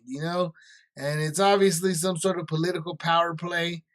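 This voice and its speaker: A man's voice: a little high, steady tone, moderate pace, fairly bright tone. A man leading a casual Bible study, explaining scripture in everyday words with lots of fillers.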